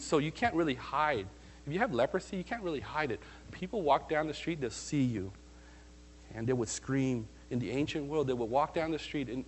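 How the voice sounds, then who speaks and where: A man preaching a sermon in a lively, conversational way, often asking his listeners questions. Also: mid-range voice, a little hiss or hum. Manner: animated, conversational, asks the congregation questions. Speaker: pastor.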